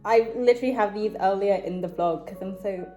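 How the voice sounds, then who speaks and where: A woman's voice: medium pitch, a little fast. A young adult woman vlogging on the go at a busy convention, giggly and hyped, talking to her viewers as "gang". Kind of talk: handheld vlog talking to camera. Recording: loud convention crowd and blaring music.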